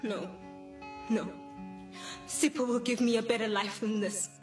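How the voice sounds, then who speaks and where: A woman's voice: fairly high pitch, steady tone, measured pace, a little mellow, natural voice. A woman playing a rebellious teenage daughter, tearful and defiant. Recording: echoey room, distant mic, faint music.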